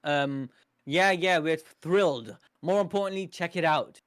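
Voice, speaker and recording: A man hosting a live manga reaction, reading the panels aloud and breaking in with slangy, excitable asides and frequent laughter. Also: a little high, a little slow, clean tone. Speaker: anime reaction streamer.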